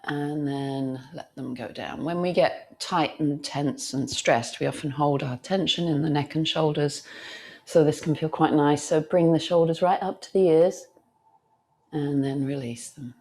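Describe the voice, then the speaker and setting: A woman teacher guiding a yoga class, talking gently and soothingly and counting breaths aloud. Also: low-pitched, unhurried. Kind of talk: guided yoga class instruction.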